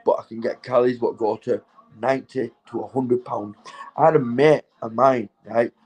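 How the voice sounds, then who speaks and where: A man's voice: medium pitch, steady tone, normal speed, a little mellow, husky, low-quality recording. Rambling stoned Yorkshire man chatting. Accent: Yorkshire English. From Keighley, Yorkshire, England. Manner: rambling, sweary, laughing often. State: stoned and tipsy. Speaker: livestream host. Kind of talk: casual livestream chat with viewers.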